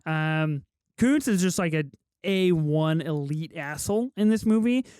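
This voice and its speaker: A man's voice: fairly high pitch, expressive, unhurried, a little mellow, smooth, no echo, studio quality. A man hosting a podcast in casual chat, steering the discussion and swearing casually. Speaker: podcast host.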